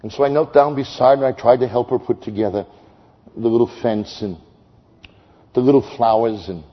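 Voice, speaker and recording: A man preaching an evangelistic sermon, telling stories with sudden swings from loud high exclamations to hushed slow tones. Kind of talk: sermon with storytelling. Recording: long hall reverb, dull lo-fi sound.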